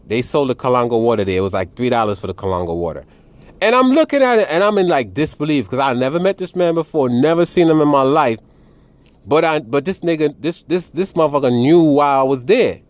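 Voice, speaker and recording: A man telling a personal story in a casual, animated and profane way, often calling his listeners "family". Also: mid-range voice, fairly quick, dry recording. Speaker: vlogger.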